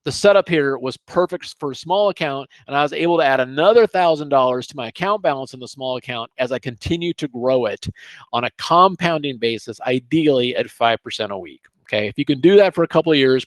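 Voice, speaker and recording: A middle-aged man teaching trading over charts in a casual, animated way, often checking in with "okay?". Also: fairly high pitch, no room sound. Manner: animated, chatty, sprinkles "okay?" and asides. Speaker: trading educator.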